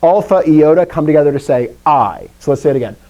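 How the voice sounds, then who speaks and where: A man's voice: fairly high pitch, animated, quick pace, mellow, poor audio. A young man teaching a Greek class for adults, upbeat and self-deprecating, drilling words aloud for his students to repeat. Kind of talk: classroom lesson with call-and-response drills.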